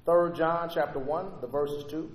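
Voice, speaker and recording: A man's voice: a little high, steady tone, unhurried, a little hiss or hum. A man preaching a sermon and reading scripture aloud, rising with fervor on quoted prayers. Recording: echoey hall with faint ambience.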